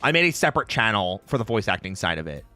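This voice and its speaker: A man's voice: fairly low pitch, sing-song, quick pace, pushed and bright, no echo, soft background music. A male streamer hosting a casual chat about content creation. He talks animatedly and repeats words as he searches for them. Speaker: streamer host.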